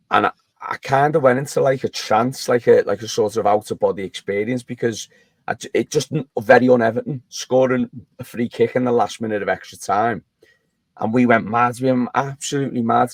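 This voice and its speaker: A man's voice: medium pitch, fairly even intonation, moderate pace, no room sound. A man, co-hosting a podcast over a remote call, telling a long, rambling story with frequent restarts. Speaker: podcast co-host. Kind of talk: casual chat.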